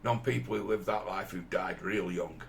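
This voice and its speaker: Gravelly man in his fifties. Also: low-pitched, a little hiss or hum. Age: 50s. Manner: blunt, profane, halting with many restarts. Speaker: commentator. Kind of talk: rambling personal monologue.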